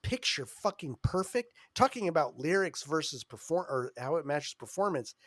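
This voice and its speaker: A man's voice: a little high, animated, moderate pace, a bit bright, no room sound. Man, podcast co-host, casual chat, enthusiastic, frequent swearing, trailing sentences, dry sound. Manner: enthusiastic, swears a lot, trails off mid-thought.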